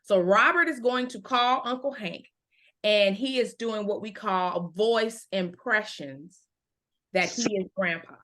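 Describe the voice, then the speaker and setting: A woman teaching an adult English book club, reading a novel aloud and then explaining it slowly and clearly. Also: mid-range voice, fairly bright tone. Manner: slow, clear teacher explanations with check-ins.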